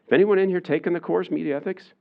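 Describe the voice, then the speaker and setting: A man giving a public lecture in a relaxed, conversational way, with many fillers, often acting out the voices of the people he quotes. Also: high voice, rapid-fire, gravelly, narrow, tinny audio. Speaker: university lecturer. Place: lecture room.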